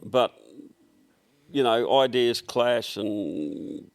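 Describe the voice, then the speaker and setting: Gravelly older Australian man. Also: medium pitch, very slow. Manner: rambling anecdotes with fillers and restarts, blunt swearing. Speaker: workshop owner, guest. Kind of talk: casual storytelling interview.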